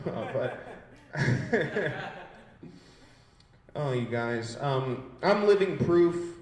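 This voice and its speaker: Brash profane young comic, echoey room. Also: male voice, mid-range voice, animated, drawn-out words, pauses often. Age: 20s. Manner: brash, profane, riffing with the crowd. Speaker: stand-up comedian. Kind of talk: stand-up comedy set. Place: gallery space used as a comedy stage.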